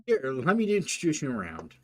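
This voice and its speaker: A man's voice: mid-range voice, wildly swooping pitch, fairly quick, a bit bright. A man voicing an upbeat, welcoming suburban dad who is hosting a party. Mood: friendly. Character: cheerful suburban dad host, eager and polite.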